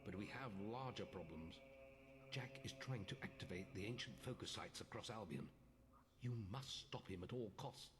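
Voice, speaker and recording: A man's voice: on the low side, moderate pace, natural voice. A man playing a grave stern mentor. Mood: solemn. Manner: solemn, commanding. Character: grave older male mentor, stern and urgent. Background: game music.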